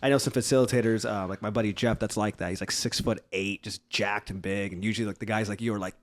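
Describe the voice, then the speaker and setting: A man's voice: on the low side, fairly even intonation, fast. A man guest on a podcast, chatting casually in a rambling, filler-heavy, friendly way. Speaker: guest, recovery event organizer. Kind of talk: casual conversation.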